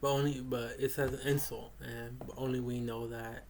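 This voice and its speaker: A man's voice: mid-range voice, little pitch movement, moderate pace, gravelly. A young man giving a casual spoken reflection, rambling with many fillers and restarts. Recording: faint background noise.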